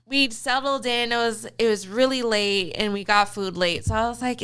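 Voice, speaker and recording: A young woman co-hosting a podcast, telling a family story in a casual, animated way and laughing often. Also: a little high, normal speed, few pauses, clean tone, dry recording, clean studio sound. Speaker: podcast co-host.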